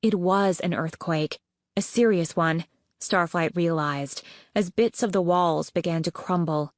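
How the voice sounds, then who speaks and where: Low-voiced woman narrating an audiobook. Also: unhurried, no room sound, studio quality. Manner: steady, even storytelling. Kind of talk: scripted narration.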